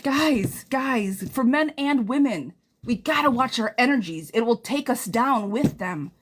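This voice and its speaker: Woman, live tarot reader, higher voice, blunt and swears freely, impassioned advice. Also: lively intonation, a little slow, a little hiss or hum. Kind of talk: live-stream tarot reading.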